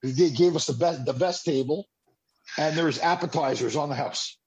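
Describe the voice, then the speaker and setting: A man casually telling an animated story in a chat, acting out the people he quotes. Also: fairly high pitch, moderate pace, slight background noise, rough recording. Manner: animated, acts out quoted voices, repeats himself. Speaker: comedian hosting a chat.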